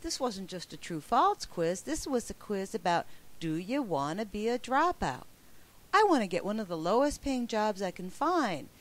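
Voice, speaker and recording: A woman's voice: mid-range voice, sing-song, moderate pace. A woman presenting a teacher training webinar, upbeat and emphatic as she walks through slides. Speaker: professional development trainer.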